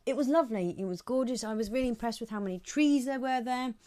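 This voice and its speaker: A woman's voice: a little high, fast talker, mellow. A woman from Britain chatting as a guest, good-humoured and laughing easily. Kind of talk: casual chat.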